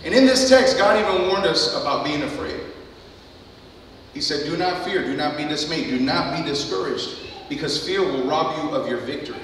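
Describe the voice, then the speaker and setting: A man preaching a sermon as pastor, building fervently to loud climaxes, recorded from far off in a church hall. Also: fairly high pitch, expressive, moderate pace, noisy background. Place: church sanctuary.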